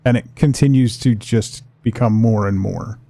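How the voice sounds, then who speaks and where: A man chatting casually with his viewers while playing a game on a livestream, relaxed and rambling. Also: lowish voice, moderate pace, gravelly, no room sound. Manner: relaxed, rambling, talks to chat. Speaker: streamer.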